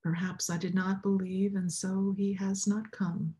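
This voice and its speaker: A woman voicing a kindly, warm-hearted old male cobbler in a told story, calling out eagerly and welcoming. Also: mid-range voice, little pitch movement, unhurried, lightly acted. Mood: sorrowful.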